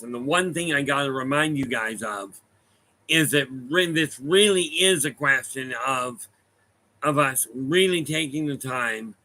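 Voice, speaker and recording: A man with a very bright, slightly high voice, speaking as a medium to a live room. He tells loose, rambling stories and keeps stopping to correct himself. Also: poor audio. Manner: rambling, anecdotal, self-correcting. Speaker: medium giving a talk. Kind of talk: casual storytelling talk to a room and online viewers.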